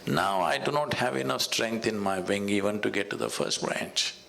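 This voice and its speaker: A man with an Indian English accent voicing a weary, wistful pheasant in a spoken fable, high-pitched and scoffing. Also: moderate pace, gravelly, bright, forceful tone, a little hiss or hum, heavily acted.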